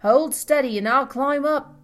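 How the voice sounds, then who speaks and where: A woman reading a story and voicing a desperate man who shouts in panic. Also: on the high side, measured pace, soft background music. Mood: panicked. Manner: shouted, frantic.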